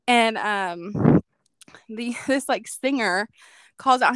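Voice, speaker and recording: A woman's voice: fairly high pitch, slow pace, fairly bright tone, smooth, dry recording. A young woman co-hosting a podcast, telling a personal story in a casual chat with a lot of "like" fillers. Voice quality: says "like" a lot, chatty and reflective. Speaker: podcast co-host.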